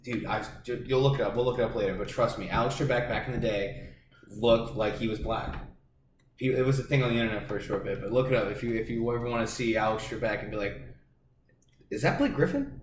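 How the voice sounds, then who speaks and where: A young man with a fairly low voice trading jokey, insistent banter on a podcast. He is some way from the mic in a roomy, echoing space, and a clear background noise runs under him. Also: steady tone, fast. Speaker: podcast co-host. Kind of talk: casual podcast chat. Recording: echoey room, distant mic, noise.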